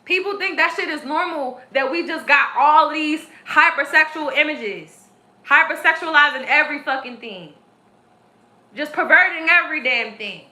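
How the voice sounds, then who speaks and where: A woman's voice: high voice, moderate pace, sharp tone. A woman tarot reader on a live stream, ranting in an aggressive, profane, preachy way. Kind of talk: live-stream spiritual rant. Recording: echoey room.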